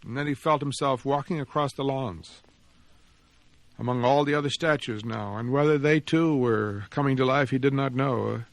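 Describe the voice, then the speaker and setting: A man, the author, reading his own story aloud in an expressive, measured storytelling voice. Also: mid-range voice, dry recording. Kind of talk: dramatic reading of fiction and reflective commentary.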